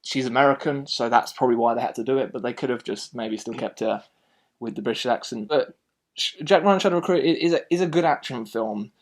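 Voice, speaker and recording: A man hosting a casual film review, speaking at an ordinary mid pitch. He rambles in an animated way, restarting sentences often as he chats through his opinions. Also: brisk.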